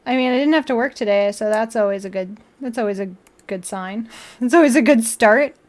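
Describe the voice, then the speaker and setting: At home, a woman builds a model kit while chatting casually on a live stream, her voice a little high, brisk and slightly mellow. She laughs often and acts out her own annoyed comebacks.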